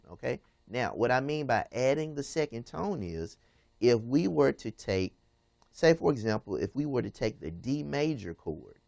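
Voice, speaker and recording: A man with a low voice teaches piano at an easy, patient pace, repeating each step and checking in with "okay?" after his phrases. Piano playing sounds clearly under his voice. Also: a little mellow, dry recording. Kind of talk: piano lesson. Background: piano music.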